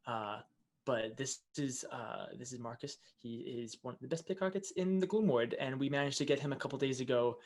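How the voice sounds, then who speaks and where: A man playing a brisk female prison guard who explains things quietly and in a hurry. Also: medium pitch, lightly acted. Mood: hurried.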